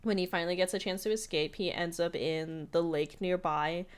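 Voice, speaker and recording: A woman's voice: lowish voice, steady tone, normal speed, smooth. A woman co-hosting a podcast, chatting casually through an episode recap with lots of "like" fillers. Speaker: podcast co-host.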